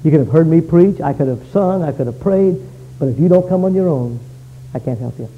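A man preaching an evangelistic sermon, telling a story and swinging from hushed to loud. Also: fairly high pitch, a little fast, phone-quality sound, slight background noise.

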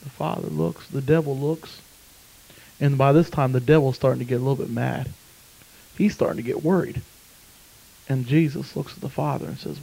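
A man's voice: medium pitch, steady tone, moderate pace, creaky, long pauses, mellow, breathy edge, low-quality recording. A man preaching a sermon, telling a story and then fervently urging listeners to come to faith. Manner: storytelling, then fervent pleading altar call.

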